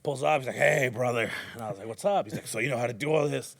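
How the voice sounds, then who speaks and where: A man's voice: mid-range voice, rapid-fire, gravelly, no room sound. A man in his thirties, a podcast guest, telling stories in a casual, slangy way and acting out what people said. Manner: animated storyteller, acts out quotes, slangy. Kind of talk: casual storytelling chat.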